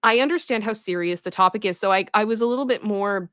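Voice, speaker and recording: A woman's voice: medium pitch, quick pace, a bit bright, clean tone, no echo. A woman with a Toronto Canadian accent, chatting casually with her livestream chat, rambling with restarts and little asides. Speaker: livestream host.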